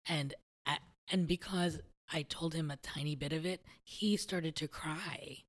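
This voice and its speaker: A woman in a relaxed conversation, reflectively telling a personal story and laughing easily. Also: low voice, unhurried. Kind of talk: conversational podcast chat.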